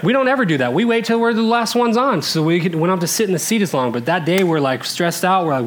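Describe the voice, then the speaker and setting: A man in his thirties from Alaska, telling a comic story to a live audience, animated and laughing as he talks, swinging between loud bursts and hushed asides. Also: sits high, fast, hardly any pauses.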